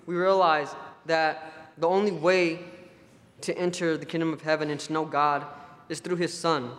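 A man's voice: on the high side, fairly bright tone. Man preaching in a reverberant hall. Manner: storytelling, affectionate, conversational. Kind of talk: sermon at a church camp.

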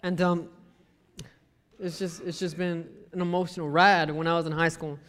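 A man preaching a sermon, telling personal stories in a lively way and acting out the voices of the people in them. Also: fairly high pitch, moderate pace. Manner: lively storyteller who acts out the people he quotes. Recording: long echo of a large hall.

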